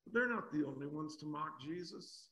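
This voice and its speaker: Guy preaching a sermon, highish voice, keeps asking rhetorical questions, repeats himself. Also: animated, moderate pace, sharp tone, rough recording. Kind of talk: expository sermon.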